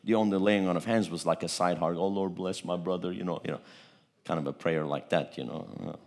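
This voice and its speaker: A man's voice: low-pitched, fairly quick, gravelly, a little mellow. A man preaching a testimony sermon, telling a story with repeated words and a voice that swells at its peaks.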